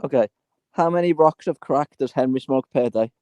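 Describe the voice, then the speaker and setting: A man's voice: mid-range voice, fairly quick, a little mellow, clean tone, dry recording. A man on a livestream panel asking playful, jokey questions in casual chat.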